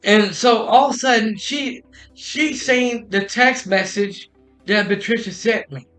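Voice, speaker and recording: A man's voice: high-pitched, measured pace, fairly bright tone. A man streaming from home, casually retelling a story with many restarts and quoted dialogue. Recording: echoey room with music behind.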